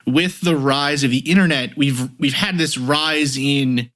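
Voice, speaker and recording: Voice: mid-range voice, unhurried, fairly bright tone. A podcast host in casual chat, rambling, with many restarts and fillers.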